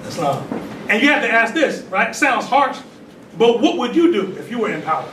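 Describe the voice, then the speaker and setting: A man's voice: extremely high pitch, very animated, normal speed, fairly bright tone. A man giving a call-and-response religious talk, conversational and full of "right?" tag questions. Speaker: temple leader giving a talk. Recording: echoey distant room recording with noise.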